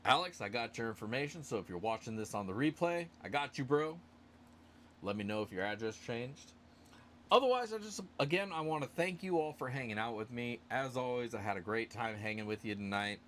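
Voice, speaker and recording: A man's voice: medium pitch, animated, brisk, fairly bright tone, a little hiss or hum. A man hosting a casual live stream giveaway, rambling and joking at his own expense. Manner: rambling, self-joking, loose. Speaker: livestream host running a giveaway.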